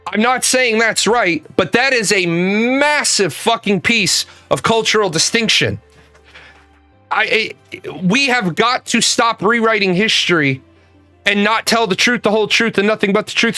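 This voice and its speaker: Man, high bright voice, dry close sound, profane heated ranter reacting to clips. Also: measured pace, no room sound, faint music behind. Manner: profane, ranting, emphatic. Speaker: reaction commentator.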